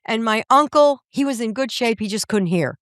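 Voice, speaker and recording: An older woman, an author and comedian, telling stories as a podcast guest in an animated, comic way and acting out the voices. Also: on the high side, normal speed, no room sound, clean studio sound. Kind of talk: storytelling in a podcast interview. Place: podcast studio.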